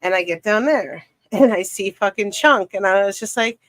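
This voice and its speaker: A young woman appears as a podcast guest, telling a story in relaxed, casual conversation with a mid-range voice. She is animated and swears freely, breaking into quick bursts of laughter. The recording is dry and low in quality.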